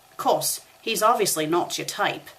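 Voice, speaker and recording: A woman's voice: lowish voice, normal speed, fairly bright tone. Woman doing a scornful British teen boy. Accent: put-on British. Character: teen boy wizard sidekick, blunt and scornful.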